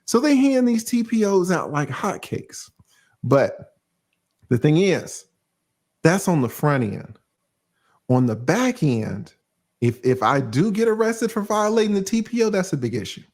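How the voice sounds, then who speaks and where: A man hosts a casual legal breakdown on a livestream, animated and blunt and quick to curse. His voice sits a little high for a man and swings up and down as he acts out quick asides. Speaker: livestream host, lawyer.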